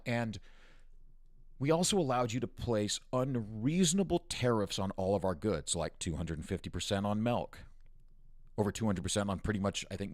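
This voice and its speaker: A man's voice: on the low side, no room sound. A man hosting a news commentary stream, ranting angrily with constant profanity and mockery. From United States. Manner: angry, profane, mocking rant.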